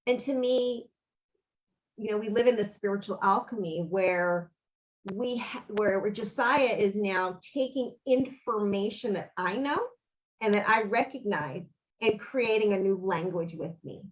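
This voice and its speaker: A woman's voice: medium pitch, unhurried, dull audio. A woman, a guest on an interview, telling a personal story in an earnest, rambling way and acting out the dialogue. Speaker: interview guest, author and bereaved mother.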